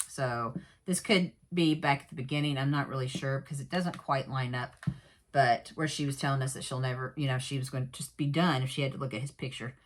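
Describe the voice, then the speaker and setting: A woman's voice: very deep voice, fairly even intonation, brisk. A woman casually recapping a true crime episode in a rambling way, with many fillers and asides and candid personal comments.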